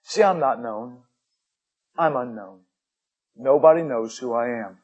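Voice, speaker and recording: A middle-aged man preaching a sermon with personal stories, folksy, moving between upbeat jokes and hushed intensity. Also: mid-range voice, unhurried, slightly rough, rough recording. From United States. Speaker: missionary pastor.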